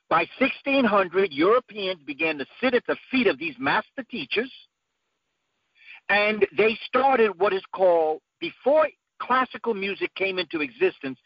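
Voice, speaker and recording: A man giving an emphatic, preacherly talk whose voice climbs to high peaks. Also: expressive, moderate pace, no echo. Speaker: guest speaker. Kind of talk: impassioned lecture-style talk. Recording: dull lo-fi dry sound.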